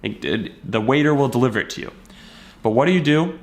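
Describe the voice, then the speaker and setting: A man's voice: mid-range voice, expressive, a little fast. A man giving a casual motivational talk to camera, telling a story and acting out bits of dialogue in a conversational way. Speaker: self-help video creator.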